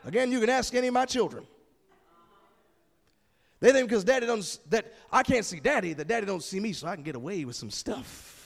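A man preaching a sermon as pastor, building from calm explanation to emphatic shouting. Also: high voice, a little fast, creaky, long reverb tail.

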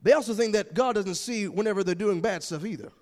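A man preaching a sermon as pastor, building from calm explanation to emphatic shouting. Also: high voice, fast talker, in a large hall.

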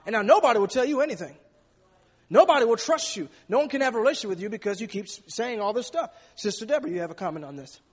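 High-voiced preacher in an echoing hall. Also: male voice, animated, very fast, breathy edge. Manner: emphatic, repeats words while speaking. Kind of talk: sermon.

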